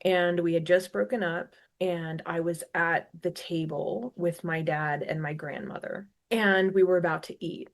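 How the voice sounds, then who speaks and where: A woman in her thirties telling a painful personal story as a podcast host, reflective and emotional, at times tearful. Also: on the low side. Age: 30s. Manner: reflective, emotional, repeats phrases.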